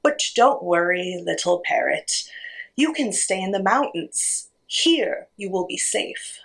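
A woman voicing a giant, calm eagle in a spoken storybook, speaking slowly and low. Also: heavily acted. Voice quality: slow, low and measured. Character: giant calm eagle, deep-voiced and unhurried.

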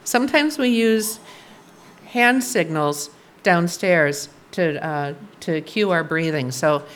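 A woman's voice: fairly low pitch, slow, clear, resonant tone. A woman leading a congregation, giving casual spoken instructions with fillers. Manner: casual, with fillers and small laughs. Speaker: worship service leader.

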